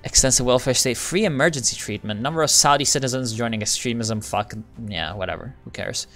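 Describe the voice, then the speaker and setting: A man's voice: medium pitch, fairly quick, a bit bright, soft background music. A man giving casual, rambling commentary over a strategy game, often breaking off mid-sentence and swearing. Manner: rambling, self-interrupting, swears, laughs often. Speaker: game streamer.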